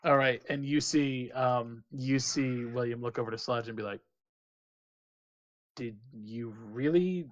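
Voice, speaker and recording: A man's voice: medium pitch, little pitch movement, moderate pace, few pauses, fairly bright tone. A man narrating a tabletop game as game master in a loose, casual way with many fillers, heard on dull lo-fi audio. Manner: casual, filler-heavy narration with 'um' and 'like'.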